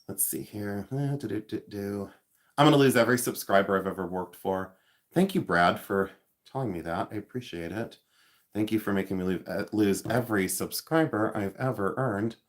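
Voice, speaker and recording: A man in his fifties hosting a casual livestream from home, rambling, joking about himself and thanking viewers by name. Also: fairly low pitch. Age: 50s. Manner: rambling and self-mocking, reads out viewer comments. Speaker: livestream host.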